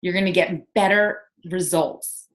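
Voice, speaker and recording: A woman's voice: on the low side, measured pace. A woman leading a team call, coaching with energy and enthusiasm and firing off rhetorical questions. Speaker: sales team leader. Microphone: conference call.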